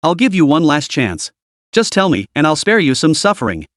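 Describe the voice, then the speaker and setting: A man's voice: on the high side, big pitch swings, fairly quick, no room sound, clean studio sound. A man voicing a cruel female security interrogator who taunts her prisoner in a cold, mocking way. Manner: taunting, coldly sadistic.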